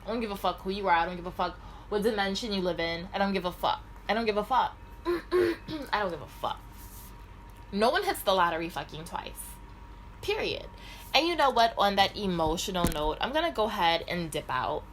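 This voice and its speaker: A woman's voice: medium pitch, lively intonation, a little fast, a bit bright, slight background noise, poor audio. A middle-aged woman telling a rambling, profanity-heavy personal story in a casual vlog. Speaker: vlogger.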